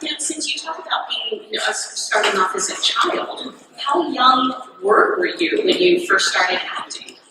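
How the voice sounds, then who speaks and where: A woman's voice: fairly high pitch, unhurried, few pauses. Upbeat woman hosting a con panel, voice bounces up and down a lot, long reverb, far off mic. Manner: upbeat, lively, addresses the crowd. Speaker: panel moderator. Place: large convention hall stage. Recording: echoey hall, far from mic, noisy.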